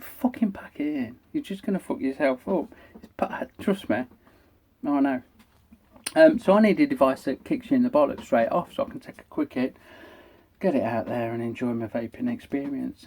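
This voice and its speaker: A man's voice: mid-range voice, warm tone. Chatty, foul-mouthed British man. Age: middle-aged. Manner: chatty, enthusiastic, swears freely. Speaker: vape reviewer. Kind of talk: casual product review vlog.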